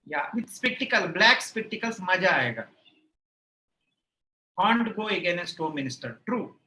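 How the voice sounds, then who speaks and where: Rambling Indian English teacher, echoey room. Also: male voice, sits high, big pitch swings, a little slow, sharp tone. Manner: repeats phrases, rambling anecdotes, playful self-mockery. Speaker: online exam-prep teacher. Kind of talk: chatty aside in a live class, answering chat.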